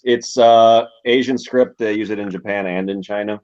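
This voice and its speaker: Deadpan low-voiced man, lo-fi sound. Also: normal speed. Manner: laid-back, dry, deadpan. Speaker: podcast co-host. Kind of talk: casual chat. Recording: dull lo-fi sound.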